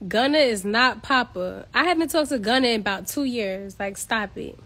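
New woman going off on a phone live from home, blunt, fed up, cusses a lot, kinda high voice. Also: expressive, moderate pace, fairly bright tone. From Queens, New York. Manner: blunt, exasperated, profane. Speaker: social media personality. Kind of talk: casual livestream rant. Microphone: phone livestream.

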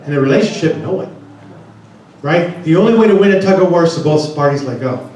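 A man's voice: on the high side, lively intonation, fast, a little mellow. Man speaking in an echoey hall. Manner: asks the audience many questions. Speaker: conference speaker. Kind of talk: seminar talk to an audience. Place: large conference room. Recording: echoey room, distant mic.

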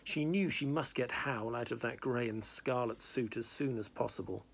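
Brief: man narrating a fantasy novel read-aloud, gravelly and husky, unpolished delivery with restarts. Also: medium pitch, normal speed. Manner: plain narration with small slips and restarts. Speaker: reader.

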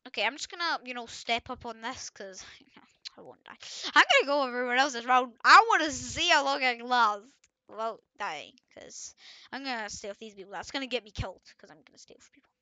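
Excitable high-voiced woman gaming, screaming often. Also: brisk, no echo. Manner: chatty, talks to self and other players. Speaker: video game player. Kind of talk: casual gameplay commentary.

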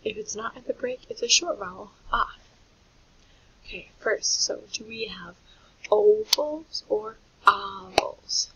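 A woman teaching a recorded phonics lesson to young children, explaining patiently and clearly. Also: medium pitch, big pitch swings, moderate pace, hardly any pauses, sharp tone, in a whisper. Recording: dull lo-fi audio with faint hiss.

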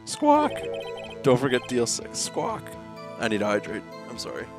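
A man's voice: mid-range voice, fairly even intonation, fast talker, over music. A man streaming a video game live on a headset, reading the dialogue aloud, chatting with viewers and laughing often.

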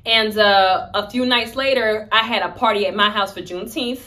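A young woman casually telling a storytime vlog, animated and slangy, acting out the lines she quotes. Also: mid-range voice, normal speed.

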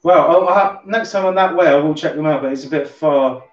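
A livestream host with a fairly high, brisk voice and a light Somerset twang runs a casual drink-along, rambling as he talks and dropping swear words offhandedly. The audio is roomy, distant and dull, with music in the background.

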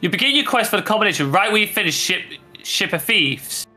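A man's voice: high-pitched, sing-song, quick pace, sharp tone, soft background music. A man chatting casually while gaming, explaining the quest steps. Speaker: co-player. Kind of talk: casual gameplay chat.

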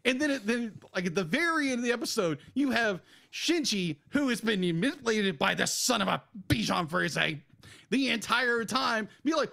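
A man's voice: high-pitched, lively intonation, moderate pace, vocal fry, pushed and bright. A man co-hosting a podcast, ranting emphatically and with exasperation about an anime character. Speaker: podcast co-host. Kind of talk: casual podcast review.

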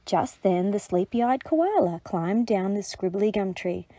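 A woman reading a picture book aloud to children, gentle and expressive. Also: medium pitch, a little slow. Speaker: storybook reader. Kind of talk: children's read-aloud narration.

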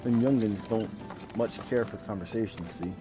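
A man's voice: on the low side, moderate pace, close to an everyday voice. A man voicing a talkative old male peddler with a rustic put-on accent, reading game lines aloud and stumbling at times. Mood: folksy. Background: game music.

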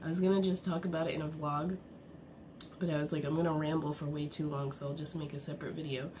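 A woman's voice: low voice, level tone, fast talker. A woman in her thirties vlogging at home in a chatty, rambling way, her voice stuffed up from a cold. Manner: rambling, chatty, with frequent fillers and laughs. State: congested, sick voice. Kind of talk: casual vlog chat. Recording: noisy home recording.

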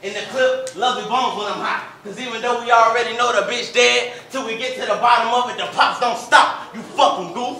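A man delivers a battle rap in a fairly high, very bright voice, aggressive and boastful. The room echo is clear. Faint noise sits behind him, and the mic is at a distance. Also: steady tone, a little fast, hardly any pauses. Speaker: battle rapper.

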